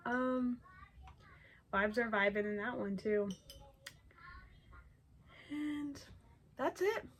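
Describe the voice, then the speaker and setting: A woman's voice: fairly high pitch, drawn-out words, a bit bright, a little hiss or hum. A young woman chatting at home about the books she read this month, gushing and rambling with lots of fillers and repeated words. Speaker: book vlogger. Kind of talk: casual monthly reading wrap-up.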